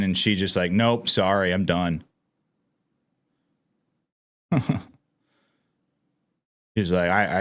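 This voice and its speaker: This host of a political commentary channel has a lowish, slightly bright voice. Talking to his viewers in a casual yet emphatic way, he reads out news items and sounds disbelieving.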